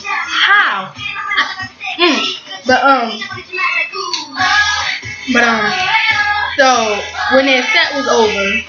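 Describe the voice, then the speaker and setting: A teenage girl telling a rambling, excitable story with casual swearing. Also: sits high. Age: teens. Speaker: vlogger. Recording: echoey, muffled, loud music behind.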